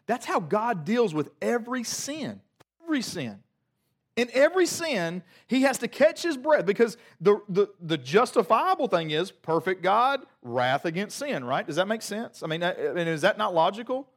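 A man preaching a sermon to a congregation, moving from quiet reflective passages to loud emphatic peaks, with humorous asides. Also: high voice, sing-song, normal speed. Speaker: pastor.

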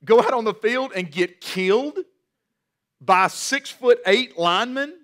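A man in his forties preaching a sermon as pastor, animated and repeating words as he builds each point. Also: sits high, unhurried.

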